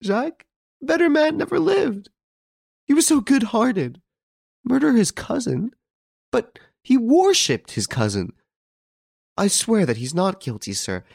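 A man's voice: high-pitched, vocal fry, a little mellow, no echo, studio quality, voice pushed up, exaggerated voice. A man voicing an elderly, grey-haired woman who pleads through sobs in a storybook reading. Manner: sobbing, pleading. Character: elderly grey-haired woman, grief-stricken mother-in-law.

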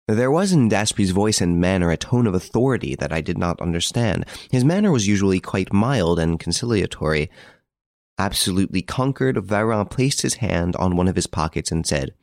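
A man narrates a story in a measured, steady reading voice. His voice is deep and low. The recording is dry and close, with no room sound. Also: dry recording. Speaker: audiobook reader. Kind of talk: scripted first-person narration.

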